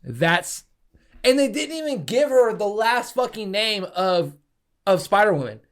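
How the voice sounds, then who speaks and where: A young man co-hosting a podcast in casual, animated banter, mocking and swearing freely. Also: sits high, unhurried. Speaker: podcast co-host.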